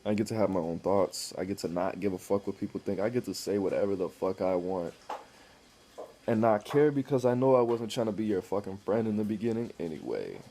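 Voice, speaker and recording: A man speaks to the camera in a rambling, blunt monologue, swearing freely as he goes. His voice sits low and warm, with a soft, dark tone. A faint hiss runs under the recording. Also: expressive, a little fast. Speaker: vlogger.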